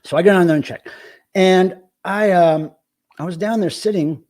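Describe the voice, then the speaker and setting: A man hosting a live stream, telling a story in a casual, profane, excitable rant. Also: sits high, normal speed. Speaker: live show host.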